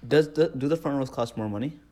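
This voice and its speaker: Fast-talking chatty young man. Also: medium pitch, dark tone. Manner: chatty, telling stories with lots of asides. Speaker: podcast co-host. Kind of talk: casual chat.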